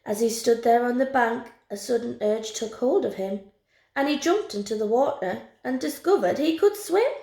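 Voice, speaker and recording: A woman teacher reading a picture book aloud to children, telling the story slowly and expressively. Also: fairly high pitch, animated, gravelly, warm tone. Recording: roomy echo.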